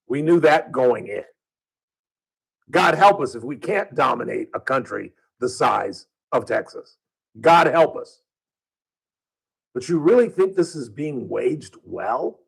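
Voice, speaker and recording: A man's voice: medium pitch, vocal fry, slightly rough, poor audio. A male talk radio host speaking from a studio, delivering a combative opinion monologue full of rhetorical questions. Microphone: studio microphone.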